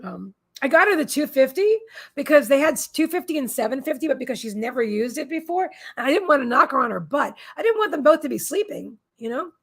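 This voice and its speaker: A woman's voice: sits high, very animated, quick pace, a bit bright. A woman hosting a psychic live stream from her desk at home, chatting in a meandering way and often talking to her pets. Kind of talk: casual chat on a live stream.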